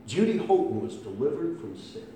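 Impassioned preacher in an echoey hall. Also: male voice, medium pitch, sing-song, normal speed. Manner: impassioned, swings between hushed and loud. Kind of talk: sermon. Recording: echoey room, faint hum.

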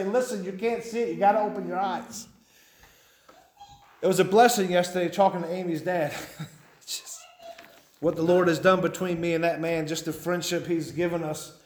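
A man's voice: high-pitched, little pitch movement, a little fast, roomy sound. A man preaching a sermon as a pastor, fiery and pleading with a folksy drawl.

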